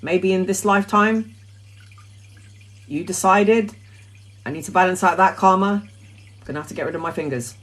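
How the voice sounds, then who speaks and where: A woman hosting a casual spiritual live stream, talking freely with plenty of ums and chanting mantras in a soft voice that trails off. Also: fairly low pitch, moderate pace, pauses often. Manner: talkative, with frequent um and uh. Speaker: spiritual live-stream host answering questions.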